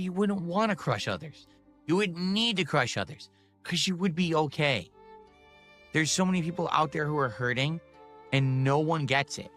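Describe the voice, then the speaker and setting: A man's voice: fairly high pitch, a bit bright. A man livestreaming, talking earnestly and a bit preachily to his viewers, his voice wavering with emotion. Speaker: livestreamer reading tips.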